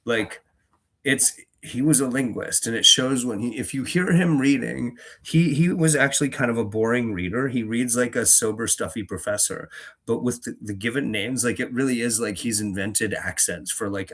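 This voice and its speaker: A man's voice: medium pitch, moderate pace, fairly bright tone. A man hosting a book-reading channel, chatting casually between readings in a rambling way, with frequent restarts and fillers. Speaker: reader and host.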